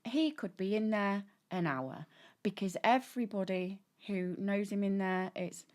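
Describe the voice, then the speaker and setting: A woman's voice: medium pitch, measured pace, a little mellow. A woman, chatting on a podcast and venting frankly about herself. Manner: frank, self-deprecating venting. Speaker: podcast co-host. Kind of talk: casual chat.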